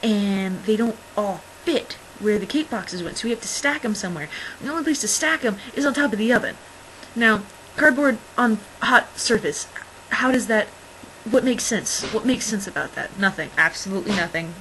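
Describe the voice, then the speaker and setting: A woman's voice: mid-range voice, expressive, normal speed, fairly bright tone, slight background noise, rough recording. A young woman vlogging in casual chat, rambling through stories with lots of fillers and wry, exasperated asides. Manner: rambling, filler-heavy storytelling.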